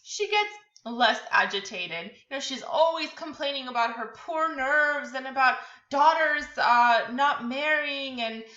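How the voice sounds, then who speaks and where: A woman's voice: sits high, unhurried, pushed and bright. A woman teaching a literature lesson over slides in a casual, chatty way, full of fillers and restarts. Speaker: literature tutor. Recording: echoey room, dull lo-fi sound.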